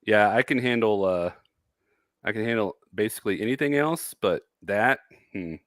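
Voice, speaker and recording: Lower-voiced man in casual chat. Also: normal speed, a bit bright, no room sound, studio quality. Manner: chuckling, easygoing listener. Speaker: co-host.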